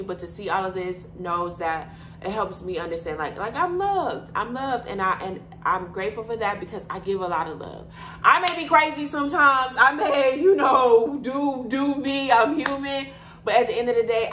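A woman originally from Houston, Texas chats to camera as a vlogger inside her bedroom apartment, a storyteller who leans on many fillers. Her voice is medium-pitched and fairly bright. There's an echoey room sound and slight background noise.

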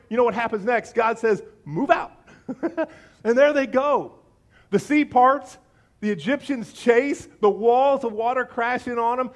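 High-voiced male pastor preaching. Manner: animated storytelling, acts out quoted voices. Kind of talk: sermon.

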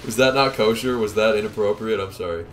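A young man hosting a let's play, joking casually with a co-host and breaking into sudden yells at the game. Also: fairly low pitch, a little fast, soft background music. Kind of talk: casual gameplay commentary.

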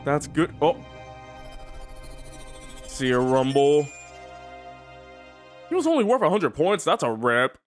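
A reaction host talking through a cartoon episode, emotional and tearing up, with long pauses. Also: medium pitch, big pitch swings, faint music behind. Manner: emotional, tearful, drawn-out. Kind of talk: casual reaction commentary.

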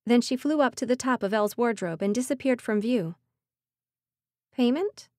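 A woman narrating a fantasy audiobook in a steady, measured storytelling voice. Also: fairly high pitch, dry recording, clean studio sound. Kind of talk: scripted narration.

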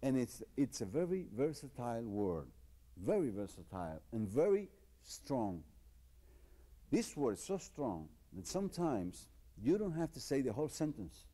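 Man mock-teaching a rowdy comedy lesson. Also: mid-range voice. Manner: deadpan teacherly, slow exaggerated pronunciation drills. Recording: noisy live comedy recording.

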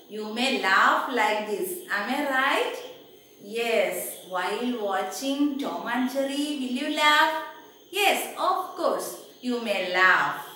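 Echoey slow sing-song teacher woman. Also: high-pitched, sharp tone, recorded from a distance. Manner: slow, sing-song, coaxing, repeats words. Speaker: kindergarten teacher. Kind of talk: slow recorded online lesson for small children. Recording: very echoey room, voice off-mic.

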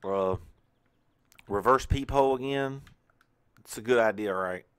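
Male let's-play host, lowish voice, rambling casual self-talk over gameplay. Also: a little slow, clean tone. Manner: chatty, talks to himself while playing. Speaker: gaming channel host.

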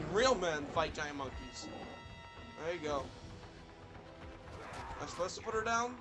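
A young man giving excitable let's play commentary, yelling and laughing at the game. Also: fairly high pitch, normal speed, pauses often, over music. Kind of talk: gameplay commentary.

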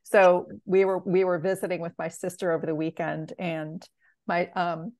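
A woman author telling an amused anecdote on a video call, enthusiastic and quick to laugh. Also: lowish voice, level tone, a little mellow, dry recording. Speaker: award-winning author.

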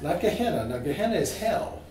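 A man teaching a small group about scripture, informal and animated, asking his listeners questions. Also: a little high, brisk, reverberant, recorded from a distance, faint music behind, rough recording. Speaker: priest teaching a catechism class.

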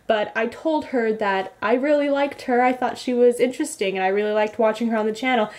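A woman's voice: on the high side, a little fast. A young woman vlogging, telling a rambling story with frequent giggles. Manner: rambly, giggly, animated retelling. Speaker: beauty vlogger. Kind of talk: casual vlog recap.

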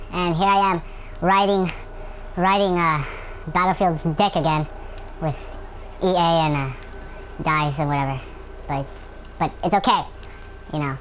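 A man's voice: a little high, a bit bright, slight background noise, low-quality recording. A man giving gameplay commentary at home, rambling with many fillers and breaking into yelps and rants at the game. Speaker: gaming channel host.

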